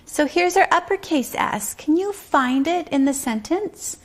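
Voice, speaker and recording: With a high, expressive voice, a woman guides preschoolers through circle time, singing her words slowly and lengthening each rhyme and syllable.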